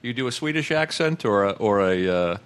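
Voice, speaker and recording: A man's voice: fairly low pitch, expressive, fairly quick, clear, resonant tone. A man hosting a podcast, casually prompting his guest with requests. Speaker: podcast host. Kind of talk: casual interview.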